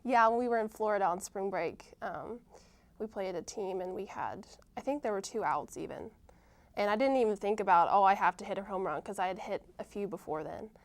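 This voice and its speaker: A young woman, a college softball player, answering interview questions casually, often pausing with ums and starting sentences over. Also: medium pitch. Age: young adult. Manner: hesitant, many ums and restarts.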